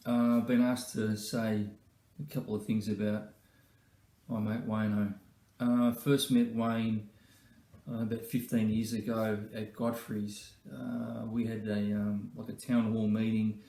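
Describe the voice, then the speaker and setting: A man's voice: fairly low pitch, little pitch movement, unhurried, dark tone. A man, a former colleague, telling joking stories in a birthday tribute. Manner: joking, anecdotal, with fillers. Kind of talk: comic storytelling tribute. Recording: roomy echo.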